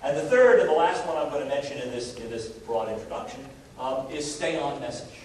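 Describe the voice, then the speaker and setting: A man's voice: medium pitch, brisk. A man giving a live lecture to a room of listeners, speaking in a wry, conversational way with many fillers and restarts. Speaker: lecturer on risk communication. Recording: very echoey room, distant mic, steady noise.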